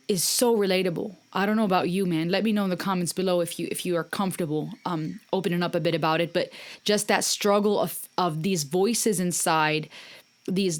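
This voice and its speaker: A woman hosting a music reaction video, talking casually and earnestly, with encouraging, faith-based remarks to her viewers. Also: on the low side.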